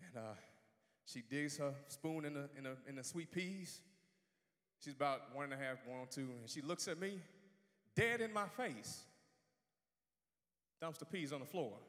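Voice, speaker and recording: High-voiced, animated male preacher. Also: normal speed, pauses often, long reverb tail. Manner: animated, swings from quiet asides to shouting. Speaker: pastor. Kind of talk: sermon.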